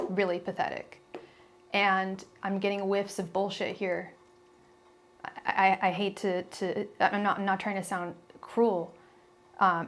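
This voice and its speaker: A woman's voice: medium pitch, a bit bright. Young female tarot reader, casual and blunt, chatty live-stream talk with stumbles. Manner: chatty, blunt, many restarts and fillers.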